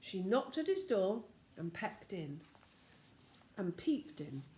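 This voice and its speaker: An older woman reading a children's storybook aloud as a lively storyteller who talks to the listener. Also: medium pitch, slow, roomy sound.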